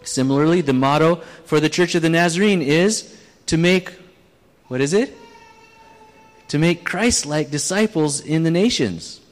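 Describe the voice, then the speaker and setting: Speaking at a measured pace with long pauses, a high-voiced preacher delivers a sermon with an audience exercise to a congregation in a church hall. His delivery is plain-spoken and conversational, full of restarts, with long hall reverb.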